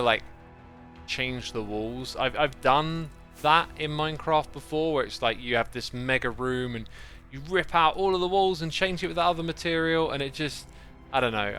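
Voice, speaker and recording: A man's voice: mid-range voice, pushed and bright. A man talking casually to his livestream chat while playing a game, thinking aloud and rambling. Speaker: game streamer. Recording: faint background music.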